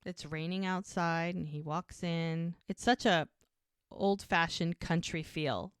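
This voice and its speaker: A woman's voice: on the low side, slow, clear, resonant tone, no echo, studio quality. Woman animatedly recapping a TV episode. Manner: animated retelling, acts out characters' lines. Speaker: podcast co-host. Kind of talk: casual TV recap chat.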